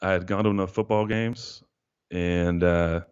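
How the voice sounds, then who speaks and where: A man in his thirties telling a personal story casually on a podcast, animated and saying "dude" a lot as he acts out his own thoughts. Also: low voice, unhurried, clear, resonant tone. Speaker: guest. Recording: dull lo-fi podcast audio.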